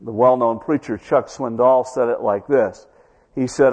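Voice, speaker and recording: A man preaching a sermon in church, telling a story and slowing down to stress key words. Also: mid-range voice, fairly even intonation, a little mellow, slightly rough, big-room sound. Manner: storytelling preacher, slows for emphasis. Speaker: pastor.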